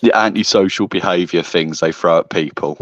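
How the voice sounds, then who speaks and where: A man's voice: low-pitched, moderate pace, no echo, dull audio. A man hosting a casual chat, adding dry, chatty remarks.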